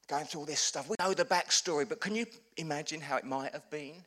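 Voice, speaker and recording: A man delivers a sermon as pastor, telling stories with humor. He swings between loud, punchy bursts and hushed, soft stretches. His voice sits slightly high for a man. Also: fast talker, hardly any pauses. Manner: animated, humorous storytelling with sudden loud bursts and hushed lows.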